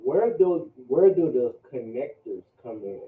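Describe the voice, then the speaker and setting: A man's voice: mid-range voice, very animated, unhurried. Distant man asking a question. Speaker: class member reading scripture. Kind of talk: reading aloud. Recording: roomy, distant, phone-like lo-fi.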